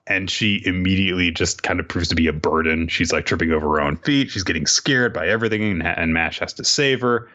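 A man's voice: low voice, dull audio. A man co-hosting a podcast, casually recapping manga chapters and acting out lines as he goes. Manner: animated retelling, acting out quoted lines. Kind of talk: casual chat.

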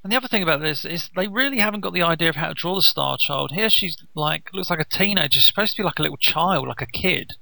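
Bright gravelly man. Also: a little high, quick pace, few pauses, dry recording, low-quality recording. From United Kingdom. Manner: animated, sarcastic, laughs often, acts out quoted lines. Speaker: podcast co-host. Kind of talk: casual cartoon commentary.

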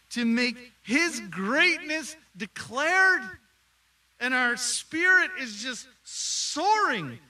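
A middle-aged man preaching a sermon as pastor, animated, acting out quoted voices. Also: very high voice, far from the mic, rough recording.

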